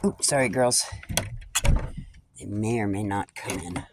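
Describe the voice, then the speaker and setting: A woman's voice: extremely low pitch, a little slow, noisy background. A woman vlogging casually from inside a small RV, talking frankly into her camera, swearing freely and often restarting her sentences. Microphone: phone or camera with a wide-angle lens.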